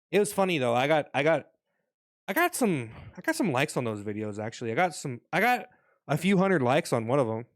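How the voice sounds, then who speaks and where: A man's voice: a little high, lively intonation, brisk, no echo, clean studio sound. A young adult man vlogging in a rambling, profane casual rant, often restarting his sentences.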